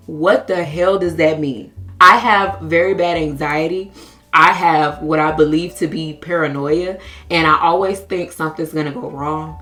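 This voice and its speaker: A woman's voice: sits low, steady tone, a little slow, fairly bright tone, soft background music. A woman in her twenties with an American accent, talking candidly and earnestly to camera about her personal affirmations. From United States. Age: 20s. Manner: earnest, confessional, emotionally open. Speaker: vlogger. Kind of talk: candid self-help talk to camera.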